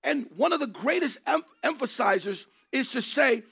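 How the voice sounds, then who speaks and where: A male preacher with a very high, gravelly and husky voice delivers a sermon. He speaks emphatically, repeating key phrases and rising to shouts. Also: animated, normal speed, few pauses.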